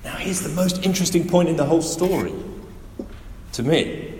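A man preaching a sermon, emphatic and animated, putting direct questions to his listeners. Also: a little high, moderate pace, long pauses, a little hiss or hum. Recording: echoey hall with faint ambience.

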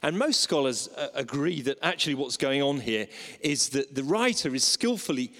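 A man preaching a sermon, animated and acting out the voices he quotes. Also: medium pitch, moderate pace. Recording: long reverb of a large hall.

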